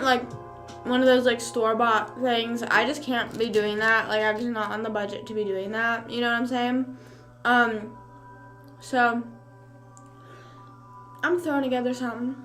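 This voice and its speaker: A woman's voice: on the high side, fairly even intonation, measured pace, pauses often, fairly bright tone, faint music behind. A young woman streamer in casual mukbang chat, rambling with lots of fillers and talking while she chews.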